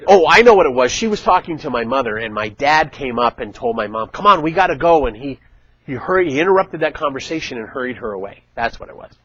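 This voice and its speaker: A middle-aged man giving a casual church talk, chatty and animated, acting out quotes as he tells stories. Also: a little high, lo-fi sound. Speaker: church teacher. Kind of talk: casual sermon.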